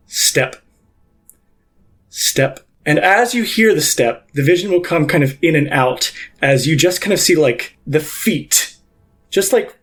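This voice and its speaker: A man's voice: medium pitch, fairly bright tone. A young man narrating as game master, improvising in a rambling way full of fillers.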